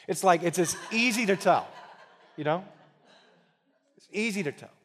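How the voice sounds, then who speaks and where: Guy preaching a sermon, chatty and punchy, jokes around then goes soft and earnest. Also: on the high side, moderate pace. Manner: conversational and emphatic with humor, shifting into quiet earnest appeals. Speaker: pastor.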